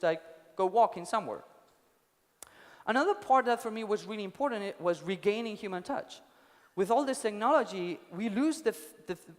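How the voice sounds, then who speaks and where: High-voiced man telling parables on stage. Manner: casual, swears, tells parables with acted quotes. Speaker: conference speaker. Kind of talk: storytelling talk. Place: conference stage. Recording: long hall reverb.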